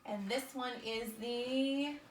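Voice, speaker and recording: Woman teacher, kinda high voice, cheery and encouraging, far from the mic in a noisy roomy space. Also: fairly even intonation, slow. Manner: upbeat, encouraging, calls the children "friends". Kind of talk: teaching a small-group lesson. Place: indoor room with children nearby.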